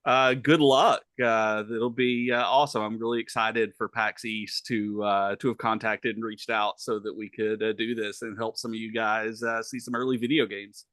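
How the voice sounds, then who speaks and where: A man with a Southern US accent, co-hosting a podcast and talking in a halting way full of uhs. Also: lowish voice, level tone, fairly bright tone, no echo. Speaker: podcast co-host. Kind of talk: casual chat.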